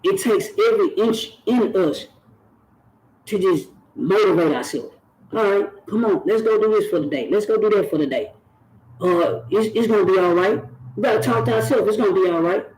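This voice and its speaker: A man's voice: high voice, normal speed, darkish tone, rough recording. A man speaks straight to his viewers. He talks earnestly and preaches a little, circling back to the same phrases to drive each point home. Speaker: YouTube channel host. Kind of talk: direct-to-camera talk.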